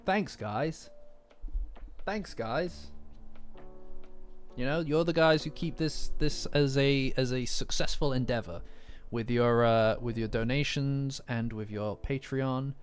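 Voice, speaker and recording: A man's voice: medium pitch, fairly even intonation, measured pace, hardly any pauses, faint music behind. A man streaming a casual chat, rambling and joking at his own expense. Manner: rambling, self-mocking, joking.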